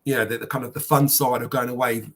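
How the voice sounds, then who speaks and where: A man telling animated football anecdotes on a podcast panel, slipping into quoted voices. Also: mid-range voice, quick pace. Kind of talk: casual storytelling.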